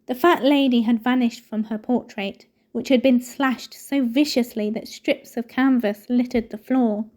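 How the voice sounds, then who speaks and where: Woman reader, storybook narration, mellow tone, fairly high voice. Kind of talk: reading a novel aloud.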